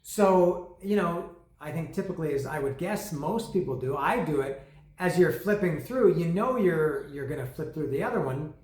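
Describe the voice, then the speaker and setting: A man's voice: fairly high pitch, animated, moderate pace, a little mellow. A man hosting an album review show, telling a long story in a rambling, self-mocking way with many asides. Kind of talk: casual rambling monologue. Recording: echoey room.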